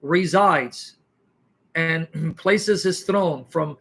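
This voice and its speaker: Casting: male apologist, fairly high pitch, forceful, lecturing, full of rhetorical questions. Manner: emphatic, rhetorical questions, clears throat. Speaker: Christian apologist guest. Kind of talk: animated theological argument.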